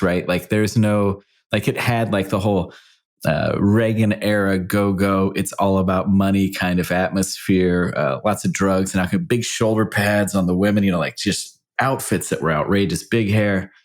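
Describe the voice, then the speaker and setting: Low-voiced man, rambling casually. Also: moderate pace. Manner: rambling, many fillers like "like" and "you know". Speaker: wine expert guest. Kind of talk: casual chat.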